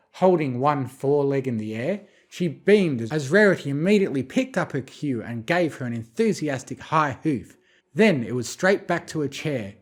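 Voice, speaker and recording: A narrator reading romantic fanfiction aloud as a bedtime story, calmly and expressively. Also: mid-range voice, slightly rough. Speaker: fanfiction reader.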